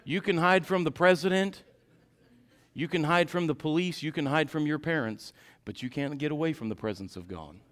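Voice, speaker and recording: A man preaching a sermon in a warm church, dropping to quiet asides and rising to loud climaxes. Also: normal speed. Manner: swings from low asides to shouted climaxes.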